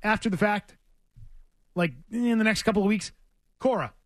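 High-voiced man arguing on sports radio. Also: moderate pace, no room sound, clean studio sound. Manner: emphatic, argumentative, needling. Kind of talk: sports talk radio banter.

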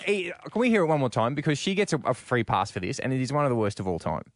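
A man's voice: mid-range voice, sing-song, rapid-fire, slight background noise. A man hosting a casual talk show, teasing his co-hosts in a playful way. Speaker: radio host. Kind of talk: casual banter.

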